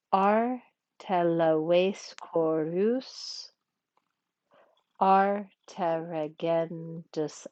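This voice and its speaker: A woman teaching a lesson, explaining step by step in a clear, methodical way and reading verse lines slowly. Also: on the low side, dry recording, muffled recording. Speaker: Latin teacher. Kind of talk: recorded lecture.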